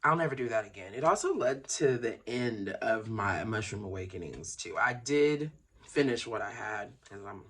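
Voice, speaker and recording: A vlogger rambling in a casual monologue, drifting between low mumbles and loud laughing outbursts. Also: expressive, normal speed, slightly rough.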